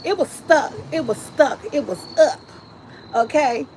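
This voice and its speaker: A woman vlogger retelling a movie in a lively, casual way, laughing and shrieking in places. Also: high-pitched, a little slow, slight background noise, rough recording. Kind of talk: animated casual storytelling.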